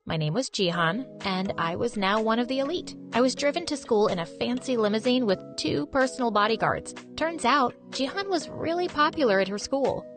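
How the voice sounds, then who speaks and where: A young woman from Turkey narrating an animated personal story in a lively, expressive, conversational way. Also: a little high, moderate pace, few pauses, faint music behind.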